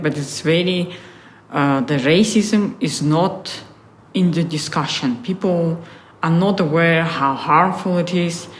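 A woman's voice: sits low, slight background noise. A woman from Russia, an artist talking reflectively in an interview with many fillers and some frustrated swearing. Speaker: artist guest. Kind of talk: casual interview talk. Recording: roomy echo.

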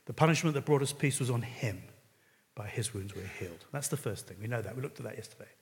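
A man preaching a sermon in an animated way, telling stories and rising suddenly into loud exclamations. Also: mid-range voice. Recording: long reverb of a large hall.

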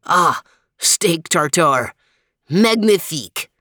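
A woman's voice: on the high side, very animated, unhurried, fairly bright tone, no echo, studio quality, voice pushed up. A woman voicing a fussy, dramatic male dog with French flair in a storybook. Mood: relishing. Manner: haughty, dramatic, sprinkles French words.

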